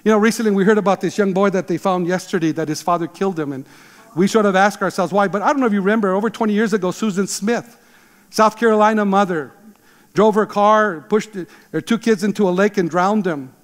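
A man in his sixties, a pastor, preaching an emphatic, animated sermon. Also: high voice, fast, big-room sound. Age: 60s. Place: church sanctuary.

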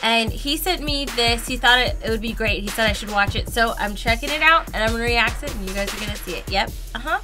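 A woman hosting a gaming reaction video at her computer desk, gasping and exclaiming loudly as she watches. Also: a little high, fast, hardly any pauses. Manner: excitable, loud exclamations and gasps. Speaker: YouTube gaming host. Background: music and sound from the clips she reacts to.

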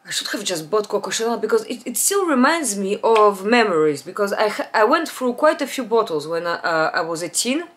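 A woman's voice: big pitch swings, fairly quick, few pauses. Rambling woman chatting about perfumes. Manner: rambling, with restarts and trailing off to a low, quiet voice. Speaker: beauty vlogger. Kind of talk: casual perfume haul chat. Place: home, natural light.

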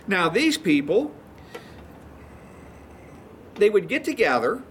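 High-voiced folksy man preaching. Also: sing-song, slow pace, fairly bright tone, a little hiss or hum. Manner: folksy storytelling with chuckles. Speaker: pastor. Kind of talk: sermon teaching.

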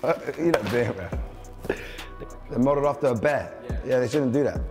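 A man's voice: mid-range voice, animated, a little fast, music in the background. A man joking in slangy casual banter while shopping for sneakers. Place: sneaker shop.

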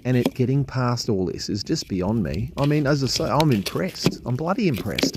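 A man's voice: medium pitch, sing-song, brisk, background noise. An Australian man who cleans drains, talking casually and enthusiastically to his camera, full of slang and mild swearing. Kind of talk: casual vlog commentary.

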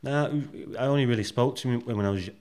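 A man's voice: mid-range voice, fast, darkish tone, smooth. A man guest on a podcast, telling rambling anecdotes bluntly and swearing freely. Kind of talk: casual storytelling interview.

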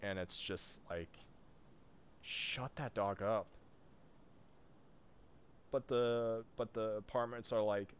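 A man's voice: lowish voice, takes it slowly, long pauses, slight background noise. Grumbling man streaming a horror game. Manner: chatty, muttering and grumbling to himself, sudden loud outbursts. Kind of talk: casual live gameplay commentary.

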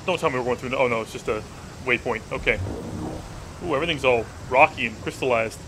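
A man's voice: medium pitch, fast talker, background noise. A young man giving casual, joking, profane commentary while playing a video game. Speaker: let's play gamer.

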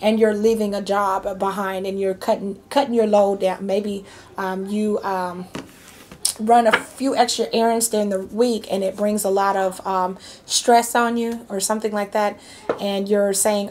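A woman's voice: mid-range voice, flat delivery, unhurried, a little mellow. Woman, tarot reader, casual and chatty, reassuring, slight background hiss. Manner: chatty, reassuring, frequent okays and fillers. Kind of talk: casual tarot reading to camera.

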